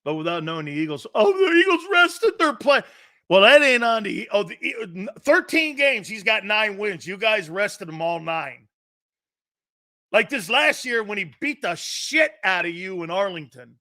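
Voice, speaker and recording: A man's voice: high-pitched, expressive, unhurried, sharp tone. A middle-aged man hosting a sports talk show, a brash, laughing trash-talker telling stories.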